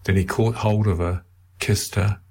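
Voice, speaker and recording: A man reads a novel aloud in a measured, steady way, his voice very deep and gravelly. He speaks slowly, with a husky grain to the tone. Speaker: narrator. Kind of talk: audiobook reading of a novel.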